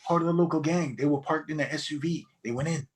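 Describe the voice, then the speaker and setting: A man's voice: fairly high pitch, fast talker. A man playing a tabletop game, talking in a hesitant, stammering way. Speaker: player. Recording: distant, husky mic.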